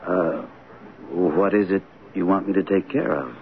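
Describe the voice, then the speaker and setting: An actor playing a kindly middle-aged author and doting father in a 1970s radio drama, gentle and reassuring, on a tinny broadcast. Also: deep voice, steady tone, unhurried, creaky, slight background noise. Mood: tender.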